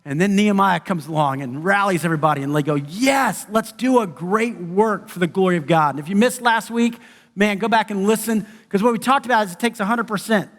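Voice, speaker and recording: A pastor delivers a conversational sermon in a high, slightly bright voice, acting out the voices of the people he quotes. The recording carries the long reverb of a church sanctuary.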